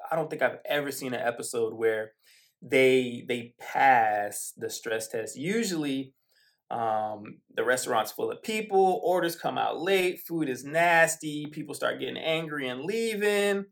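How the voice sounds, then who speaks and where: On his own podcast, a man rambles about football in a loose, casual monologue, conversational and packed with "um"s, asides, and side stories. His mid-pitched, ordinary voice is gravelly, and his pace shifts between quick bursts and slow, drawn-out stretches.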